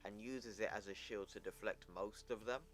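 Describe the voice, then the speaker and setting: A man's voice: fairly low pitch, fairly even intonation, normal speed, a bit bright. A man casually retelling a comic book story in slangy, offhand narration for his video channel. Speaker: comic book recap YouTuber.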